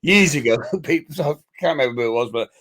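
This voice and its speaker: A man's voice: medium pitch, lively intonation, fast talker, a bit bright, a little hiss or hum. An older man from London with a London accent mixed with West Country, chatting casually as a guest, laughing often as he tells stories. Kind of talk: casual chat.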